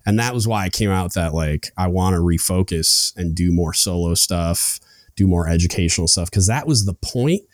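A man's voice: sits low, moderate pace, dry recording, clean studio sound. A young man hosting a podcast, talking loosely with many fillers and restarts. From United States. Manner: rambling, lots of fillers and restarts. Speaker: podcast host. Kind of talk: casual chat.

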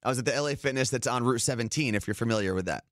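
A man's voice: medium pitch, racing, no echo. Jersey guy co-host rambling easy, mid voice, dry close mic. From New Jersey. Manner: easygoing, explains at length with many fillers. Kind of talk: casual chat.

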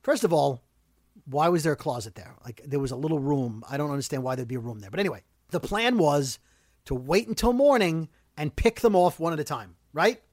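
Man, high voice, very dry sound, casual episode recap, fast animated ranting. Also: no room sound. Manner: animated, talks fast, rants about plot holes. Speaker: podcast host recapping a TV episode.

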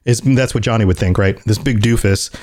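A man's voice: lowish voice, brisk. A man in casual chat, telling a game story with lots of restarts and acting out the characters' lines. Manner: animated storyteller who acts out quoted lines.

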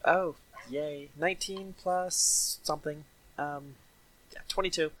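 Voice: mid-range voice, steady tone, slow, fairly bright tone, slight background noise. A player in a tabletop game, talking casually and speaking politely and evenly in character.

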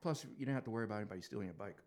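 A man in his fifties from Queens with a New York accent, the guest in a casual conversation, telling relaxed stories with frequent chuckles. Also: lowish voice, rapid-fire, crowd noise.

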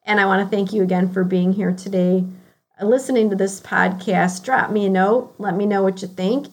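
A woman with a Midwestern American accent hosting a reflective motivational podcast, earnestly posing one question after another and slowing down on key words. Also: medium pitch, steady tone, gravelly. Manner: earnest, asks herself a string of questions, slows on key words. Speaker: podcast host.

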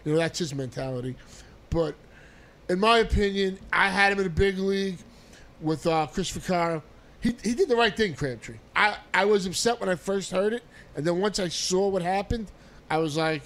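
High-voiced man giving firm sports opinions. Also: normal speed, fairly bright tone. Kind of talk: casual sports talk.

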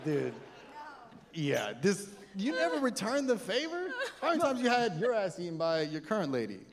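A man co-hosting a live comedy podcast on stage, joking crudely and hyping up the audience loudly. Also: high voice, huge pitch swings, normal speed, gravelly. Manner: loud hype announcing, crude jokes. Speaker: podcast co-host. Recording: live venue with crowd noise.

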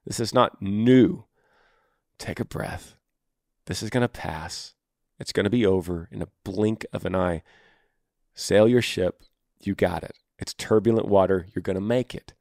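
A middle-aged man hosts an advice podcast, his voice fairly low and a little mellow, recorded dry on a close studio microphone. He speaks earnestly and encouragingly in a folksy, casual manner, calling the listener "brother."

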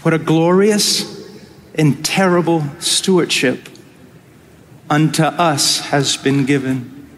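A man preaching a conference sermon with passion, dropping to hushed, slow lines and rising to loud cries. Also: on the high side, fairly even intonation, a little hiss or hum. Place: conference hall. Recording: large hall with long reverb and faint ambience.

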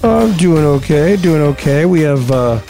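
A middle-aged man co-hosting a casual podcast, speaking in a relaxed, easygoing way. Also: on the high side, measured pace, faint music behind. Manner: relaxed, easygoing, a few fillers. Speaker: podcast co-host. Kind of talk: casual chat.

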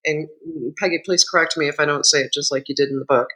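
A woman with a bright, clear voice tells anecdotes in relaxed conversation. She laughs often and keeps her storytelling lively. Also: low voice, quick pace, poor audio. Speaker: co-author guest.

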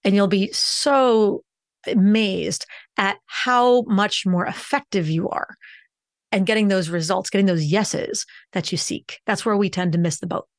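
A woman's voice: mid-range voice, a little slow, no room sound. A woman speaks as an expert guest on a podcast. She teaches her points and shifts her pace to stress them. Her mid-range voice sits on a close, dry mic. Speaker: communication coach, podcast guest.

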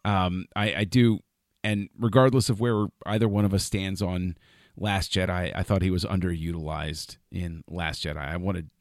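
A man with a fairly low voice chats casually on a podcast, chuckling a lot as he gets enthusiastic. He trails off and restarts his sentences. The sound is close and dry, with no room around it. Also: steady tone, normal speed, no room sound. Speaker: podcast co-host.

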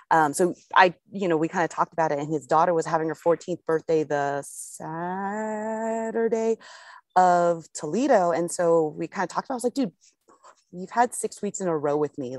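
A woman's voice: deep voice, dry recording, clean studio sound. A young woman, a pro golfer co-hosting a podcast, chatting casually in a rambling, easygoing way with frequent laughs.

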